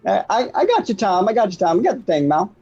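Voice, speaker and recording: Man playing an eager male pomeranian pup, squeaky, loud, bouncy pitch, warm and a little muffled. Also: sing-song, fast talker, faint music behind. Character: eager male pomeranian pup who thinks he's a cat.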